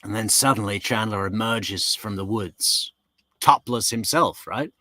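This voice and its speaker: A man's voice: lowish voice, a little slow, bright, forceful tone, dry recording. Sarcastic male true crime commentator. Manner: sarcastic, storytelling, rhetorical questions. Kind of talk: casual commentary.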